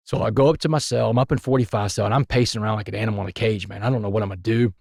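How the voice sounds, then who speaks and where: Guy on a podcast, telling his story quick and punchy, dry close sound. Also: lowish voice, creaky, dry recording. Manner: animated, emphatic storytelling. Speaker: podcast guest. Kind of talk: storytelling interview.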